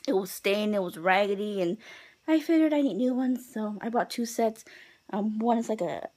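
A woman's voice: fairly high pitch, fairly bright tone. A tired young woman vlogging in a casual, rambling way, with many fillers as she chats to her viewers. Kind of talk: casual chat.

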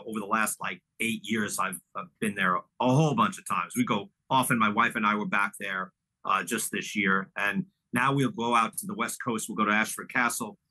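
Middle-aged man from Long Island; interview guest; loose, meandering storyteller with a bright, forceful voice. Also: lowish voice, poor audio. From Long Island, New York. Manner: rambling, full of "you know" fillers and restarts. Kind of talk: casual reminiscing conversation.

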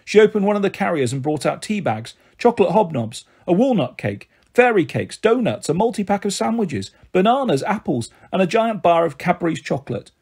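A man reading a children's novel aloud as storyteller, in a gentle, friendly way. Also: high voice, very animated, brisk, few pauses, breathy edge.

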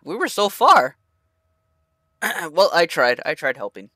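A young man streaming a flight combat game, talking to his viewers in an excitable, rambling way. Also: a little high, normal speed, no echo, studio quality. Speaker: gaming streamer. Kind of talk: live gameplay commentary.

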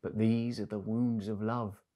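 A man voicing a mysterious, gentle little boy in a storybook, speaking softly and serenely. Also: on the low side, flat delivery, unhurried, natural voice.

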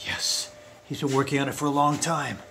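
A man playing a mischievous, rocket-obsessed billionaire tycoon in a comedy sketch, using a put-on South African accent and breaking into giddy, high-pitched squeals. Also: steady tone, moderate pace, noisy background, lightly acted. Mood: scheming. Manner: scheming and giddy, bursting into high squealing laughs.

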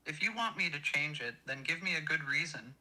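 A man's voice: a little high, animated, a little fast, bright, forceful tone, poor audio. A synthetic male voice as a taunting AI chatbot. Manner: mocking, taunting insults. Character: rude insulting male AI chatbot clone.

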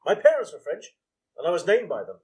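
An actor playing a stubborn police assistant in a live comedy sketch, dry and deadpan with a stuffy politeness. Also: male voice, on the high side, fast.

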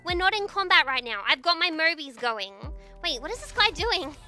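A woman streamer giving excitable, giggly commentary over her own gameplay, mocking herself and calling out to her teammates. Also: very high voice, moderate pace. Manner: self-mocking, frequent laughter. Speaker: video game streamer. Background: game music.

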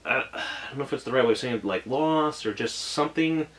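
A man with a medium-pitched voice talks through an anime episode in a loose, unscripted review. He gushes with feeling, restarts his sentences often and lets his thoughts trail off. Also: fast, fairly bright tone. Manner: gushing and emotional, rambling with many restarts. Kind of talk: casual spoken episode review.

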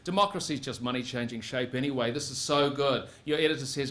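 A man's voice: medium pitch, fairly quick, few pauses, fairly bright tone, slight background noise. A man telling a live story on stage in the second person, with a wry, punchy delivery. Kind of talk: live spoken-word storytelling.

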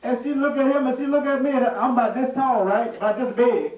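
High-voiced preacher in an echoey church. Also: male voice, a little fast. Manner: animated, laughing through a comic story. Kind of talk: storytelling sermon. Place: church sanctuary. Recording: echoey church room, mic at a distance.

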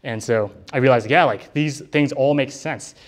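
A young man tells his story to a live audience in an easygoing, earnest way. His voice sits at an ordinary middle pitch, and he keeps filling gaps with "like" as he acts out the things he once said. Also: normal speed. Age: young adult. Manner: casual, heavy use of "like" fillers; earnest storytelling, reenacting his own past words. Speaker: speaker giving a personal testimony. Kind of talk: personal conversion testimony to a live audience. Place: college campus ministry center.

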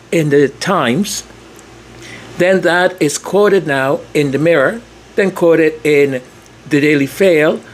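A male vlogger chatting through his commentary at a slow, easy pace. His voice sits a bit high for a man, and he keeps stringing thoughts together with "like". A faint hum of room noise sits behind him. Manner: chatty, leans on "like" and restarts. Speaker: commentary channel host. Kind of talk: casual vlog commentary.

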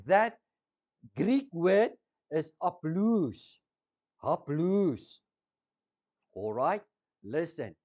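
A man preaching a sermon, teaching slowly, repeating key words and asking the congregation questions. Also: a little high, sing-song, a little mellow.

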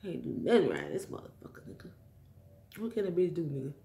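A woman vlogger rambling in a casual monologue, musing and swearing, sighing often and sometimes dropping into soft whispers. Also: sits low, wildly swooping pitch, fast. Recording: echoey room with background noise.

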